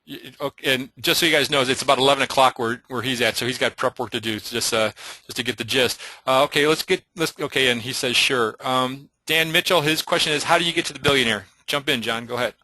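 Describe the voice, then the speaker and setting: Man, webinar host, bright forceful voice, dry close sound, relays questions. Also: mid-range voice, no room sound, rough recording. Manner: brisk, relays audience questions. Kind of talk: moderating a webinar.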